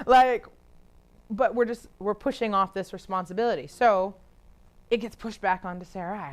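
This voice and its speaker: A woman's voice: medium pitch, measured pace. A woman leading a casual Bible study. She chats freely, laughs often, leans on "like", and acts out the people she quotes. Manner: chatty, laughs often, lots of filler "like".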